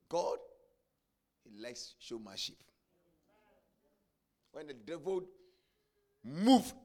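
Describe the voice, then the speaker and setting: A man preaching a sermon, telling a story and building to shouted climaxes. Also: mid-range voice. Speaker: pastor.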